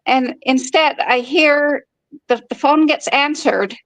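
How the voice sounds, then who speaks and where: A woman's voice: high-pitched, takes it slowly, no room sound, low-quality recording. A woman in her fifties telling a personal story in a frank, conversational way. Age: 50s. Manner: frank and conversational, acting out quoted dialogue. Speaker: podcast host.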